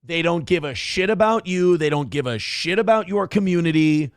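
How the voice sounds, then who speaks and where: A man's voice: on the high side, lively intonation, normal speed, clean tone, dry recording, studio quality. A man hosting a livestream show, reading chat messages aloud and ranting bluntly with lots of profanity. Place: home studio.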